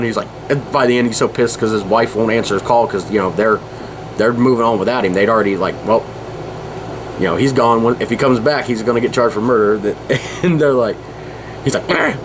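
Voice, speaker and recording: A man's voice: medium pitch, background noise. A man in his forties hosting a casual podcast, rambling and chuckling often. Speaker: podcast host.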